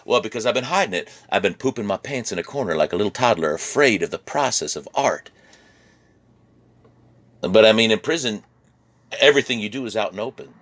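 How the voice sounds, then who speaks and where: A man's voice: fairly low pitch, lively intonation, brisk, long pauses, a bit bright. An American man from Virginia with a mixed Midwestern-sounding accent, talking about his art in a reflective personal vlog, often laughing and repeating words. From Virginia, USA. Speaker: artist vlogger.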